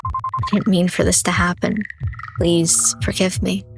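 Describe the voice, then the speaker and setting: A woman's voice: on the low side, little pitch movement, a little slow, over music. A woman voicing a guilt-ridden spouse who pleads desperately with a ghost, her voice raised and strained. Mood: pleading.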